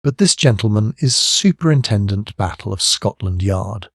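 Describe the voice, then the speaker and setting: A man voicing a quick-witted young English gentleman adventurer who talks in a lightly ironic, brisk way. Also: fairly low pitch, lively intonation, dry recording, clean studio sound. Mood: wry.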